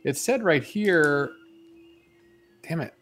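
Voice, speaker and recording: Chatty, slightly high-voiced male host. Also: lively intonation, slow, fairly bright tone, soft background music. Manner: loose, rambling, laughs easily. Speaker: morning show host. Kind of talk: casual chat.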